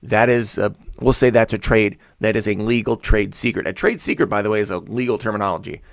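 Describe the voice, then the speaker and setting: A man with a fairly low voice talks through business ideas in a casual, rambling way. He corrects himself often and drops sarcastic asides. The recording is close and dry. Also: steady tone, brisk, gravelly, no room sound. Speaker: vlogger. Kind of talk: casual explanatory monologue.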